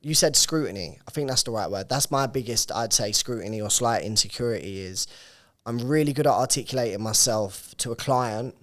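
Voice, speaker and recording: A man's voice: medium pitch, a little fast, a bit bright. A man co-hosting a podcast, telling stories in casual, chatty talk with the odd swear word. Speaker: podcast co-host.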